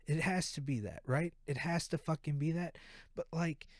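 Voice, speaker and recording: A man hosting a podcast, telling a profane comedic rant in an animated way from a room at home. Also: fairly high pitch, moderate pace, no room sound, studio quality. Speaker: podcast host.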